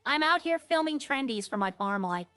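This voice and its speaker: A woman's voice: sits high, animated, moderate pace, a bit bright, dry recording, soft background music. A woman streaming a roleplay game, rambling to herself as she plays and chatting in character. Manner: rambling, talks to herself while playing.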